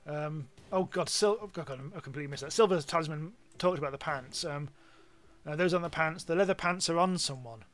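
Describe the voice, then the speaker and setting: A man's voice: a little high, brisk, fairly bright tone. A British man giving rambling, casual commentary on a live game stream, swearing freely.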